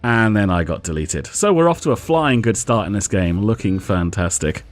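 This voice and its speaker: A man's voice: on the low side, expressive, moderate pace, soft background music. Chatty man commentating on gameplay. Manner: chatty, analytical, self-mocking. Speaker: host.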